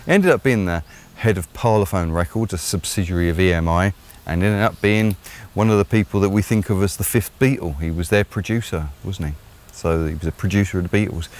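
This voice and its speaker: A man's voice: on the low side, a little mellow. A man with an English accent giving opinionated solo commentary, rambling and hesitant with lots of fillers and blunt, sardonic asides. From England. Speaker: vlogger host.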